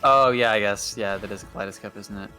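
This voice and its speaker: A man's voice: lowish voice, fast, over music. A young man chatting casually on a stream, telling stories animatedly, laughing a lot and saying "like" often. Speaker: guest on stream. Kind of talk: casual chat.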